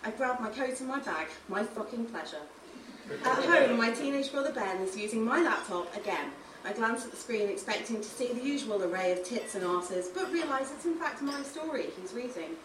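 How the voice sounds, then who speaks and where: A woman's voice: a little high, animated, normal speed, fairly bright tone. A woman reads a first-person novel aloud in a wry voice that swings up and down. The sound is roomy and distant, with faint noise behind. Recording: roomy room, distant mic.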